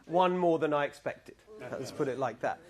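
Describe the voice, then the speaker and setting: A man's voice: on the high side, moderate pace. A middle-aged man with a British accent giving a chatty, self-deprecating campaign talk to a crowd in a barbecue restaurant, bantering with the audience. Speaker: political candidate.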